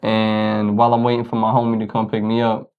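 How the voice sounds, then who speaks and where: A man's voice: fairly low pitch, monotone, fairly quick, clean tone, narrow, tinny audio. A man from the United States, co-hosting a podcast, telling a rambling story in casual slang and asking "you know what I'm saying" again and again. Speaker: podcast co-host.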